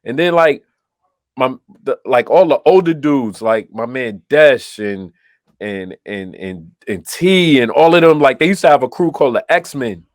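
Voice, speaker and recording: In a casual storytelling chat, a podcast co-host from Brooklyn, New York animatedly recounts anecdotes, playing out the dialogue in quotes. He has a mid-range voice and a measured pace, and the clean studio sound carries no echo.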